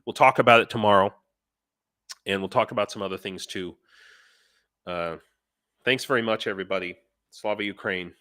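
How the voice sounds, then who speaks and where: A lower-pitched man with a bright, forceful voice talks casually on a live stream. He rambles, circles back to restart sentences and answers his chat by name. The sound is close and dry. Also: normal speed, pauses often, dry recording. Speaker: teacher.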